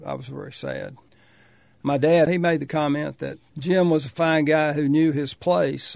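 An older man from North Carolina, thoughtfully recalling his past in a measured, pausing way. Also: a little high, gravelly, darkish tone, dry recording. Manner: measured, thoughtful, with pauses and restarts. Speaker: oral history interviewee. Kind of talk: reflective personal reminiscence.

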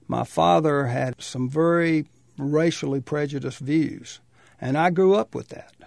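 An older man from North Carolina, thoughtfully recalling his past in a measured, pausing way. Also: fairly high pitch, vocal fry, a little mellow, no echo. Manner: measured, thoughtful, with pauses and restarts. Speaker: oral history interviewee. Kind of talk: reflective personal reminiscence.

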